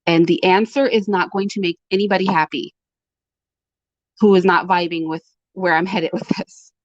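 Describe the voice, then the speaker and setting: A woman's voice: on the low side, steady tone, moderate pace, dry recording, highs cut off. A woman, hosting her own commentary channel and speaking to her audience with emphatic, repeated warnings. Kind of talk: direct-to-camera commentary.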